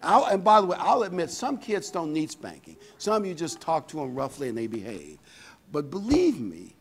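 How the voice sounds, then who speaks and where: Folksy older male preacher, lively pitch. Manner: folksy, conversational preaching with scripture reading; pauses often with fillers to find verses. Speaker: pastor. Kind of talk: sermon.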